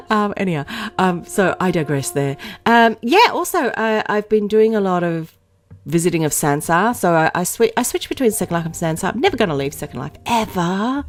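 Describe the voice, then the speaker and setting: A woman's voice: medium pitch, very animated, normal speed, faint music behind. A woman hosting her own vlog, chatting casually to camera in a rambling way, with lots of fillers and giggles. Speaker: vlog host.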